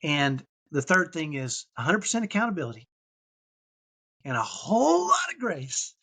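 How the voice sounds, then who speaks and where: Man, fifties, husky, slightly high voice, earnest storyteller, keeps asking "right?". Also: big pitch swings, moderate pace, sharp tone. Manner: earnest, tags points with "right?". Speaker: podcast guest.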